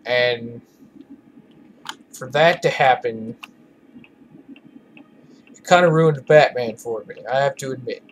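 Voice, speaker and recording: A man's voice: medium pitch, slow, pauses often, a little hiss or hum. A tired man giving rambling, profane, opinionated commentary while playing a video game. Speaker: let's play gamer. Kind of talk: casual gameplay commentary.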